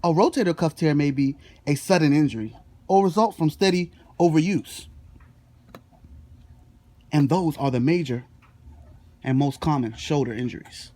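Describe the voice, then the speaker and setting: A man's voice: a little high, moderate pace, long pauses, dark tone, lightly acted. A man playing a boastful middle-aged father who is a shoulder doctor, lecturing in a comedic skit with slangy asides. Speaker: student performer in a school skit.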